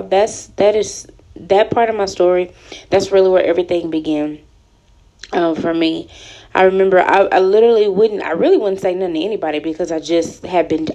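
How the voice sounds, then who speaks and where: Her voice lowish and the highs cut off, a woman in her thirties from Houston, Texas, reads her own written story aloud with personal asides. She speaks softly and haltingly, with many ums, sounding emotional and on the verge of tears.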